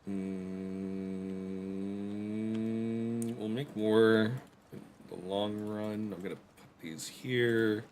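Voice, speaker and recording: A man's voice: lowish voice, fairly even intonation, drawn-out words, pauses often, a little mellow, slight background noise. A man streaming a survival game, chatting casually to his viewers with rambling, self-deprecating jokes. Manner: rambling, self-deprecating, joking asides to chat. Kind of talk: casual gameplay commentary.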